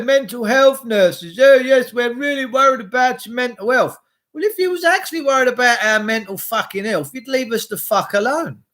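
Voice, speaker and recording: A man's voice: high-pitched, a bit bright. A man hosting a rambling live stream, greeting viewers by name, swearing freely and drifting off on tangents. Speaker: livestream host.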